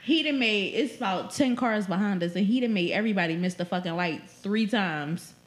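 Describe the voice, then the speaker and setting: A pregnant young woman co-hosts a podcast, her mid-range voice moving a little fast over a faint hiss or hum. In casual chat she tells a story with lots of swearing, animatedly acting out and often quoting what people said.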